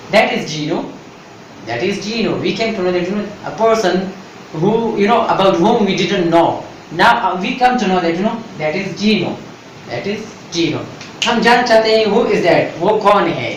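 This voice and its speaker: A Pakistani man teaching English grammar, switching into Urdu and repeating each point with "right?" and "you know". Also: high-pitched. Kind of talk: bilingual grammar lesson. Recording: echoey room, mic far off, faint noise.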